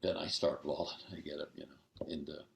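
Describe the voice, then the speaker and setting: An older man, a guest author, tells a story with animated energy and acts out each voice. His voice is very deep and gravelly. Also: brisk, echoey room. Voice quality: gravelly low voice. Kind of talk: storytelling in an interview.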